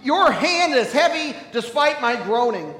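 A man preaching, putting on a suffering man's anguished, shouted complaint to God. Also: extremely high pitch, very animated, a little slow, reverberant, in a large hall, pitched above the performer's own voice, exaggerated voice. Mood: bitter. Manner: loud, declaiming, bitter.

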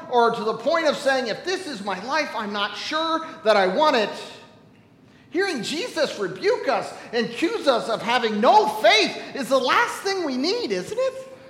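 A man preaching a sermon as a pastor, telling stories animatedly and swinging from loud to hushed. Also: very high voice, roomy sound, long reverb tail, slight background noise, rough recording.

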